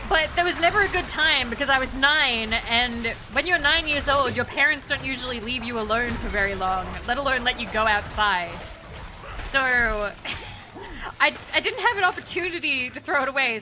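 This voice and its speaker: A woman with a high, bright voice spins a casual anecdote, rambling and giggling as she goes. She trips over her words and starts over, all over faint background music. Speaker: VTuber streamer. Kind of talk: casual storytelling.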